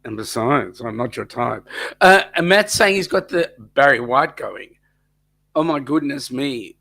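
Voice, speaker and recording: An Australian man hosting a casual livestream chat, croaky from a lingering cough, cracking jokes and reading out viewer comments. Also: medium pitch, expressive, measured pace, pushed and bright. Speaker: livestream host.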